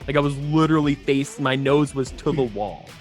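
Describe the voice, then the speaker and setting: A young man on a casual podcast, telling a story with lots of swearing and acting out voices with big jumps in pitch. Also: normal speed, faint music behind. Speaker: podcast co-host.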